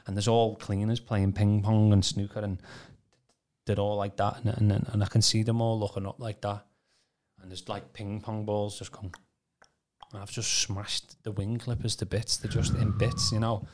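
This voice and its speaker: A man from Birkenhead, telling his testimony on a podcast in a casual, animated way with stammering repeats. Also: on the low side, normal speed. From Birkenhead, England. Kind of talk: casual storytelling.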